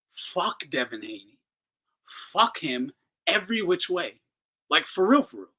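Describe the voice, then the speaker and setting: Male boxing talk host, fiery profane ranter, bright cutting voice. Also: medium pitch, very animated, normal speed, slightly rough, poor audio. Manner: heated, profane, ranting. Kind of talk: ranting commentary.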